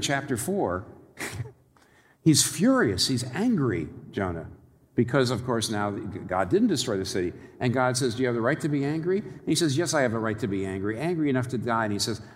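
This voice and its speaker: A male preacher delivers a sermon with a lively, swooping voice that rises and drops sharply for emphasis. He is wry and animated, chuckling at the ironies he points out. His voice rings with a long reverb, as in a large church hall. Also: medium pitch. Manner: animated, wry, laughing at his own irony.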